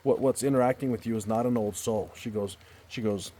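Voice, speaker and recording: A storyteller vlogger talks in a backyard at night, his low, dark voice moving briskly over a faint hiss or hum. He tells a personal story casually and sincerely, rambling, repeating himself, and starting his words over.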